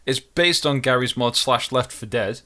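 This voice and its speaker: A man's voice: medium pitch, moderate pace. A young man co-hosting a gaming podcast, telling stories in casual chat and acting out the panicked voices in them. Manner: animated storyteller, acts out panicked shouts. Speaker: podcast co-host.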